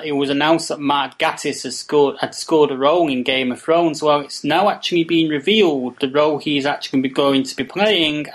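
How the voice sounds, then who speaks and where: Male podcast host, slightly high voice, relaxed joking delivery of news items. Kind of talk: casual chat.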